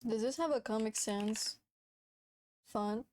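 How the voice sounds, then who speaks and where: Speaking slowly in a slightly high, darkish voice, a young woman VTuber chats casually on her livestream. Giggles and swear words come often, and her energy is frantic.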